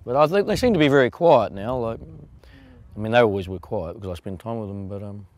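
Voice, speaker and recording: Fast-talking New dairy farmer man. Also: lowish voice, expressive, a little mellow, no echo. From New Zealand. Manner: rambling, folksy, talks fondly of his cows. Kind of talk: casual interview chat.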